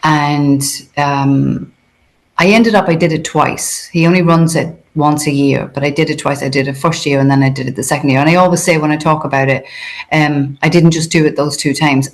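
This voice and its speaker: A woman being interviewed, talking in a hesitant, conversational way with many fillers and restarts. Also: low-pitched. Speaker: interview guest.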